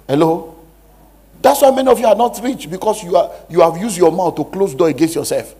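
A man's voice: mid-range voice, darkish tone, breathy edge. A man who is a pastor, giving a preaching-style money lecture with emphatic rhetorical questions. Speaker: pastor teaching a money seminar.

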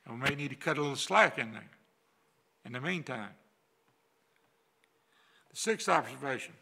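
An older pastor with a drawl preaches in a church sanctuary, his voice gravelly and a bit husky. The tone is bright and tense, and he drives his points home with folksy repetition. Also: medium pitch, expressive, normal speed, long pauses. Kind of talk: sermon.

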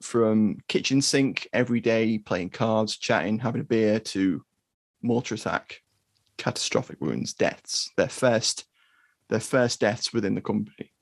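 A man co-hosting a film podcast, talking through a war film in a measured, thoughtful way. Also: fairly low pitch, no room sound. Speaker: podcast co-host. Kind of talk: casual film discussion.

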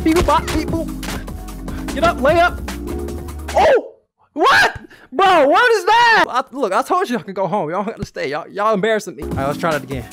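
Excitable high-voiced young gaming streamer. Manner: excitable, profane, talks to the audience as "y'all". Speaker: gaming YouTuber. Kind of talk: casual gameplay commentary. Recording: game music playing behind.

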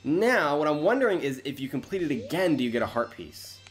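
A man's voice: on the high side, big pitch swings, brisk. A man giving casual, self-deprecating commentary while playing a video game, thinking aloud as he goes. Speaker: let's play host. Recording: game music behind voice.

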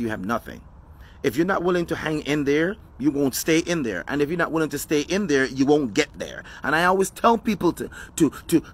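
A man's voice: fairly high pitch, fairly bright tone, breathy edge. A man giving a motivational talk outdoors, with an emphatic, preachy delivery that repeats key phrases. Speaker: motivational speaker. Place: outdoors on his front step.

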